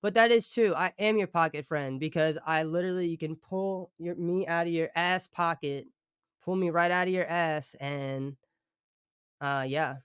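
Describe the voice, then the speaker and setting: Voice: mid-range voice, normal speed, a bit bright, clear, resonant tone, dry recording, clean studio sound. A livestreamer chatting casually with viewers, rambling and thanking them often.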